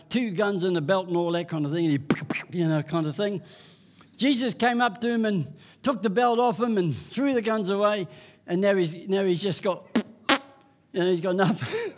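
An older man preaching an impassioned sermon, building to loud repeated refrains and then dropping to softer testimony. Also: high-pitched. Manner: impassioned, repetitive refrains, rising to loud peaks.

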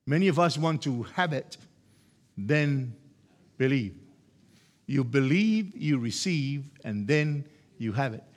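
A man preaching a sermon, emphatic and repetitive, building from quiet explanation to loud exhortation. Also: mid-range voice, lively intonation, slow, pauses often.

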